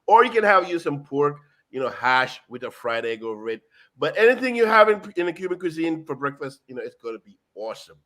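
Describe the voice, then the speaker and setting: Man, show host, casual chat, hyped delivery, fairly high pitch, lively. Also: a little fast. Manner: lively, hyped, lots of "you know" and "boom". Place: South Florida.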